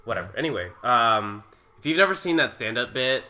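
A man's voice: medium pitch, lively intonation, fairly quick, sharp tone. A young man co-hosting a podcast, rambling in casual chat with lots of fillers and laughs. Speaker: podcast co-host.

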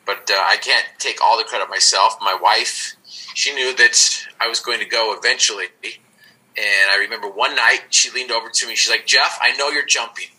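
A man's voice: fairly low pitch, fairly even intonation, normal speed, pushed and bright, poor audio. A man, the podcast guest, telling his story in an earnest, reflective way. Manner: earnest, reflective, with many restarts. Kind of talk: conversational storytelling.

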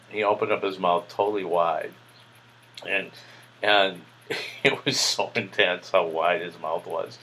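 A man's voice: sits low, a little slow, pushed and bright, a little hiss or hum, rough recording. A man hosting a podcast, telling a story in a casual, boastful, crude way with a lot of swearing. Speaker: podcast host.

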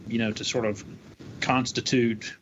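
A man, a defense lawyer co-hosting a podcast, talking in an animated, chatty way with lots of hedging fillers. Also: medium pitch, measured pace. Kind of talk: conversational legal podcast discussion. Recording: dull lo-fi audio with faint noise.

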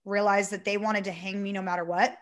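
A woman telling her story in a casual talk show, animated and full of "like". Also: medium pitch, brisk. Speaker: salon owner, guest. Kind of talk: casual podcast conversation.

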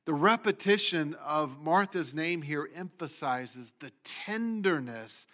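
A male pastor preaching a sermon, swinging from loud emphasis down to hushed, near-whispered lines. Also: fairly high pitch, animated, slow pace.

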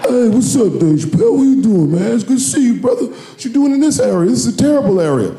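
A man on stage playing a brash male bodyguard who talks fast and loud. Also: very high-pitched, sing-song, a little hiss or hum, pitched above the performer's own voice, heavily acted. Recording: roomy live stage recording with audience.

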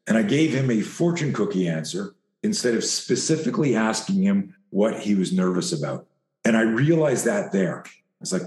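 A man who coaches fighters and teaches self-defense, telling an animated, profane story in an interview and acting out the dialogue. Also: on the low side, normal speed, echoey room.

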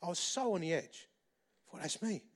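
Bloke in his 40s telling his story in a sermon, lively and self-mocking, voice sits a bit high. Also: a little fast. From England. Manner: animated, self-deprecating humour. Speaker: preacher.

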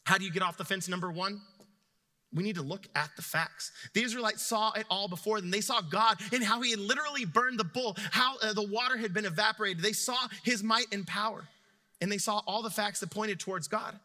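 A young man preaching with a high, sharply bright voice. He tells scripture stories in an animated way, with playful asides, and the sound rings with the long reverb of a hall. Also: a little fast. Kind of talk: sermon.

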